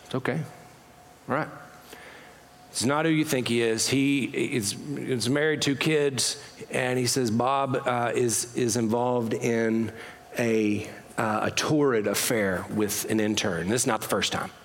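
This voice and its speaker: A man's voice: medium pitch, steady tone, unhurried, long reverb tail, slight background noise. A man preaching a storytelling sermon as pastor, talking conversationally and often correcting himself mid-sentence.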